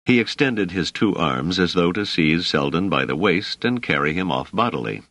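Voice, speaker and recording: Man, audiobook narrator, very deep voice, lively intonation, dry close recording. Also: no room sound. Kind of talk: scripted narration.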